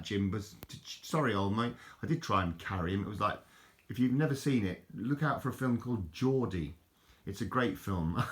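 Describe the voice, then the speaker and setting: A man's voice: fairly low pitch, fairly bright tone. An older man from southern England with a southern English accent, rambling and chuckling as he chats to camera, repeating words and restarting sentences. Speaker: vlogger. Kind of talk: rambling casual chat to camera.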